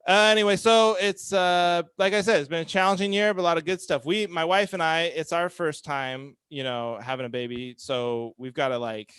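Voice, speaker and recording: A man's voice: mid-range voice, fairly bright tone, smooth, dry recording. A man in his thirties doing a stand-up comedy set, telling self-deprecating stories in a dry manner and acting out quotes.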